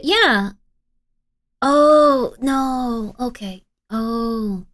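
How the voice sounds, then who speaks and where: A woman's voice: fairly high pitch, normal speed. A woman streamer chatting casually with her live chat, giggly, rambling and full of apologies. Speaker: streamer reacting to videos.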